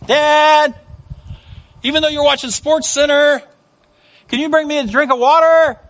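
A man's voice: extremely high pitch, fairly even intonation, a little slow, a bit bright, pitched above the performer's own voice. A man playing a small boy who keeps pleading for a drink of water at bedtime. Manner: pleading, insistent.

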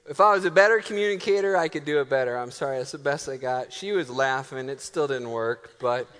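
A man preaching in a church, telling stories with animated, self-mocking energy. His voice sits at a medium pitch. Long reverb from the sanctuary trails his words. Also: fairly quick, clear, resonant tone. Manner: animated, self-deprecating, varied delivery. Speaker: pastor. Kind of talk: sermon storytelling.

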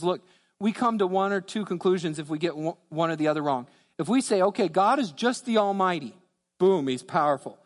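High-voiced pastor preaching in a reverberant church. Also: male voice. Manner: emphatic, repeats key phrases, drops low for stress. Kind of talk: sermon. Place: church sanctuary. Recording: church hall with long reverb.

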